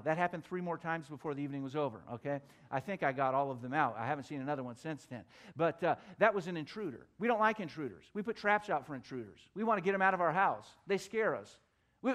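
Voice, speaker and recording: A man's voice: high voice, fairly bright tone. A middle-aged man preaching a sermon as pastor, telling stories and building to emphatic, repeated points. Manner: storytelling preacher, rising emphatic repetitions.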